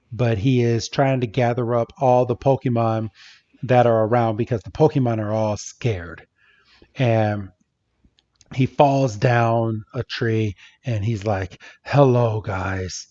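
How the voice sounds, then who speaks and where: Male podcast co-host, mid-pitched, easygoing storyteller, muffled recording. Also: takes it slowly, a little mellow. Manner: casual, playful retelling with quoted lines. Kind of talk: casual podcast recap. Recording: dull lo-fi podcast audio.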